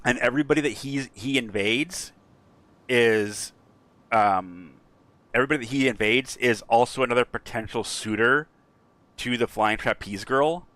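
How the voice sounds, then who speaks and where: A man's voice: medium pitch, moderate pace, no room sound. A man streaming a game who rambles through a story in a casual way, with lots of fillers. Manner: rambling, frequent fillers, animated.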